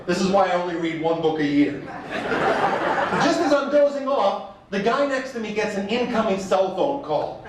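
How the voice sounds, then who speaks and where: A man giving a comic speech, telling wry, animated stories with mock quotes. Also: high voice, moderate pace, very noisy. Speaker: speaker. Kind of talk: stand-up style speech. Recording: echoey room, mic far off.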